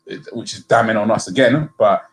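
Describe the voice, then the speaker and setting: A man on a fan podcast, arguing his point in halting, repetitive bursts. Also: lowish voice, low-quality recording. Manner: halting, repeats words, reasoned. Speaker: fan show co-host. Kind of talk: casual podcast debate.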